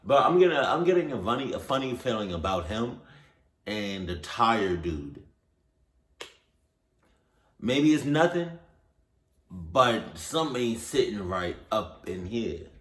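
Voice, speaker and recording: A man's voice: on the low side, very animated, measured pace, pauses often, fairly bright tone. A man giving casual reaction commentary in a loose, slangy, conversational way. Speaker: reaction video host. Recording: roomy echo.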